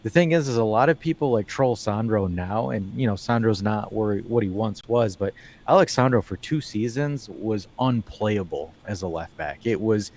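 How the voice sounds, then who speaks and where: A man with a lowish voice, co-hosting a casual sports podcast. He talks in long, rambling runs, packed with "like" and restarts, and throws in wry, sarcastic asides. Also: normal speed, darkish tone. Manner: rambling, with many fillers and restarts. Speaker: podcast co-host. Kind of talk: casual football podcast chat.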